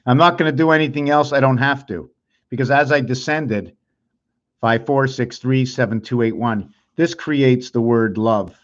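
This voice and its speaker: A man's voice: medium pitch, normal speed, highs cut off. A man thinking aloud as he draws and explains, rambling and musing, often unsure of himself. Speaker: video creator.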